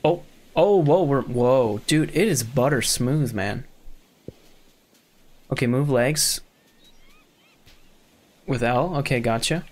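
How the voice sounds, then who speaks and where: A young man giving excited let's-play commentary as a gaming streamer, reacting loudly to what he sees. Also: medium pitch, takes it slowly, long pauses.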